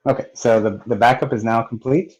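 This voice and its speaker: A man narrating a technical software walkthrough step by step, in a plain manner with occasional fillers. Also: mid-range voice, steady tone, brisk, muffled recording. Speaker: software tutorial presenter. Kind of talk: screen-recorded technical walkthrough.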